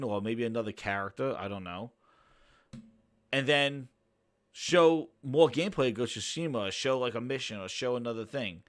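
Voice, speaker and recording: A man's voice: medium pitch, a bit bright. A man hosting his own gaming channel, ranting casually in a rambling way, with frequent swearing and laughter. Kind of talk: casual reaction rant.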